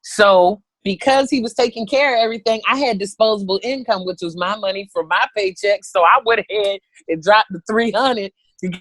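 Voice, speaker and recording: A woman in her thirties, a comedian telling a story, animated and profane, acting out the voices of people in it. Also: medium pitch, a little fast, no echo. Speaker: comedian guest. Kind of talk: comic storytelling.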